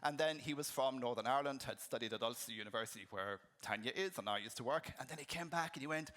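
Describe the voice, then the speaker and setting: A man's voice: medium pitch, fast, few pauses, sharp tone. A middle-aged man giving a conversational conference keynote, telling anecdotes with frequent ums and restarts. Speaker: keynote speaker.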